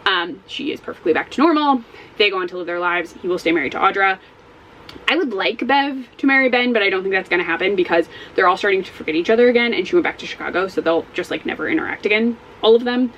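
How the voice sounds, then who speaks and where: A woman giving a casual spoken book review as a vlogger, animated and exasperated, swearing often. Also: mid-range voice, quick pace, lo-fi sound, a little hiss or hum.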